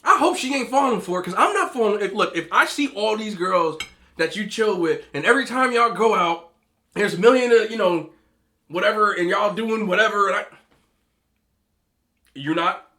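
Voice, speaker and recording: Eating on camera as a mukbang host, a man offers casual, opinionated rants and talks through mouthfuls of food. His voice is high, bright, and forceful, with lively intonation at a moderate pace.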